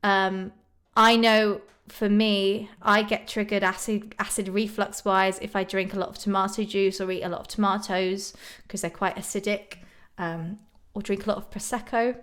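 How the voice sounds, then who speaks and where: On her live stream, a young YouTube singer reads out comments and replies to viewers casually, often saying um and laughing softly. Her voice is medium-pitched, steady, fairly bright and moderately paced, with a southern English accent from just northwest of London, England.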